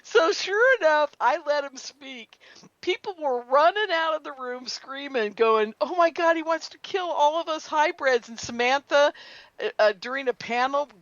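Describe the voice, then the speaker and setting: A woman being interviewed on a radio show, telling animated stories and laughing often. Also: sits high, normal speed, dry recording, muffled recording. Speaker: guest. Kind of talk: casual radio interview storytelling.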